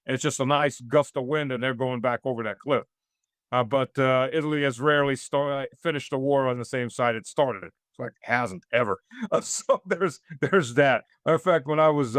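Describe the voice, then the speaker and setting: A middle-aged American man, appearing as an interview guest, offers blunt and sardonic commentary full of hesitant fillers. His mid-range voice is a bit bright, captured in studio quality with no echo.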